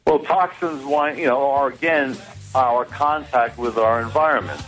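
A man's voice: medium pitch, a bit bright, faint music behind, rough recording. Older man lecturing as a radio guest. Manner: measured, lecturing tone. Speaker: guest doctor. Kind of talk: radio interview.

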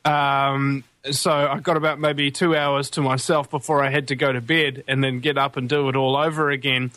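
A man's voice: mid-range voice, level tone, moderate pace, a bit bright, no echo. Sarcastic young New Zealand man. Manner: blunt and sarcastic, casual swearing. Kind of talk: casual chat.

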